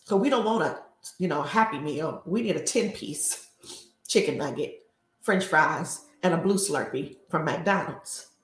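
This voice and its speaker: A woman's voice: low-pitched, lively intonation, a little slow. An older woman hosting a faith talk show, preaching and telling stories in a conversational way. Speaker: host and life coach. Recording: roomy echo.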